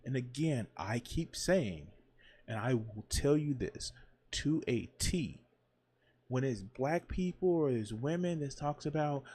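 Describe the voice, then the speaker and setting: A man in a reaction commentary, talking in an animated, sarcastic way and mocking the people in the clips. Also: fairly high pitch, slow, husky. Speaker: commentary streamer.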